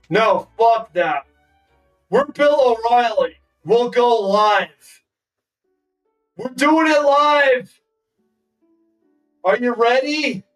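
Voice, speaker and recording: A man in his forties streaming, ranting casually in a profane, sarcastic way. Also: sits high. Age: 40s. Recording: distant mic with faint music.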